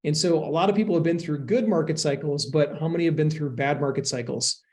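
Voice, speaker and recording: Higher-pitched man, earnest investor guest. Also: fast talker, a little mellow. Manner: earnest, explanatory, frequent restarts. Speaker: real estate investment sponsor, guest. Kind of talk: podcast interview answers.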